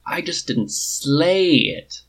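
A man voicing a shy, frail young king who speaks politely in a clear, warm voice. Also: a little high, expressive, drawn-out words, voice pushed up, full character voice. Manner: polite, apologetic, embarrassed.

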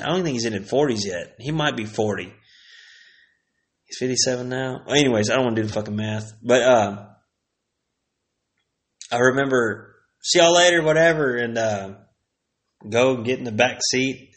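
A man's voice: mid-range voice, fairly bright tone. Man in his forties, casual solo storytelling, slangy, swears a lot, rambling. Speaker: streamer.

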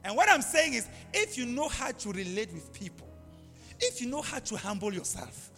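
Animated high-voiced preacher in a hall. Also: male voice, moderate pace, faint music behind. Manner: animated storytelling, acting out voices and animal sounds. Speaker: pastor. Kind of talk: sermon.

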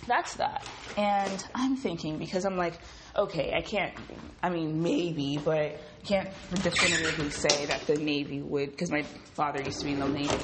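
A woman hosting a podcast from her home kitchen, telling a story in a profane, rambling, animated way. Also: on the low side, noisy background. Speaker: podcast host. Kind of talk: casual storytelling monologue.

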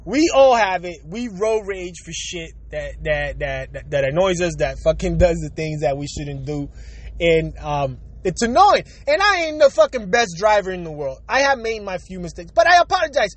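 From his car in city traffic, a young vlogger curses about the traffic and repeats himself, his high, fairly bright voice swinging widely in pitch at a moderate pace. There's no room sound, only faint traffic noise behind him.

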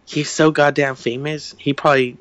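A man's voice: fairly high pitch, flat delivery, normal speed, a bit bright, dry recording. A young man co-hosting a podcast, telling a story in a rambling way, swearing freely and acting out the quotes. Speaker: podcast co-host. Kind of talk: casual chat, storytelling.

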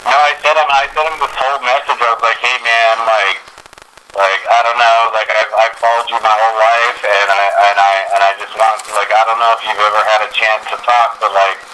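Low, bright-voiced man hosting a podcast. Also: steady tone, brisk, slight background noise, low-quality recording. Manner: earnest, rambling, swearing. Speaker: podcast host. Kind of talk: casual chat.

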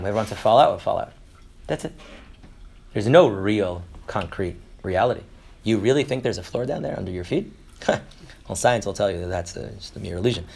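A man giving an informal Torah lesson, rambling with fillers and restarts, mixing in Hebrew terms and slipping into quick comic voices for characters. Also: medium pitch, gravelly. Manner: mixes Hebrew terms into English. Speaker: Torah teacher. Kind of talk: informal lecture.

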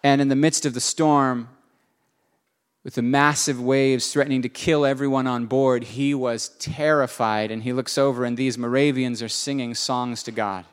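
A man preaching a sermon, earnest, moving between soft and emphatic delivery. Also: mid-range voice, steady tone, moderate pace, smooth.

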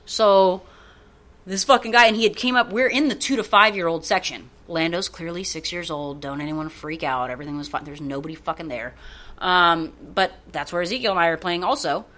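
A woman's voice: lowish voice, fairly quick. A woman co-hosting a podcast, rambling through a story in casual chat and swearing freely. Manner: profane, rambling, animated. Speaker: podcast co-host.

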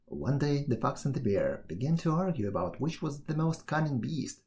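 A male storyteller reading a fairy tale aloud at a measured pace. His voice has a gravelly texture, and his pitch moves up and down expressively. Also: big pitch swings, a little mellow. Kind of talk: storybook narration.

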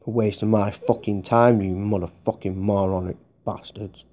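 Guy on a podcast, low dark voice, swearing nonstop, angry rant going round in circles. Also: steady tone, normal speed. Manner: heavy swearing, heated and repetitive. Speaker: podcast host. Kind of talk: angry ranting monologue.

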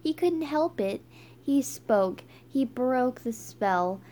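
A woman reading a children's book aloud, halting and stumbling with frequent restarts. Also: sits high, expressive, warm tone. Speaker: reader.

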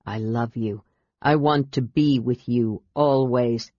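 A woman reading an audiobook, voicing a tender, pleading man in a soft, gentle tone. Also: a little slow, breathy edge, no echo, heavily acted. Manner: soft, gentle, low delivery. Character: human half-elf man, tender, pleading, sorrowful. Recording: dull, dry lo-fi audiobook recording.

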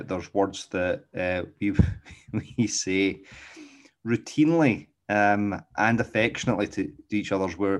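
Glasgow guy, low voice, middle aged, chatty rambling dog trainer, keeps saying okay. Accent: Glaswegian Scottish. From Scotland. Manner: rambling, often checks in with "okay?". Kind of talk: casual spoken monologue.

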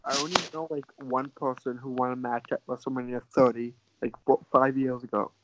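A man's voice: medium pitch, little pitch movement, fairly quick, fairly bright tone, muffled recording. A man co-hosting a wrestling podcast, cutting in with jokes in casual chat. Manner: joking, interjecting. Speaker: podcast co-host.

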